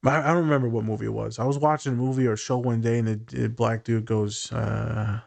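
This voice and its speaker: A man's voice: medium pitch, level tone, quick pace, gravelly, a little mellow. Man, podcast co-host, mid-range voice, blunt, candid, swears, casual discussion. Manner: thinking aloud with fillers and restarts.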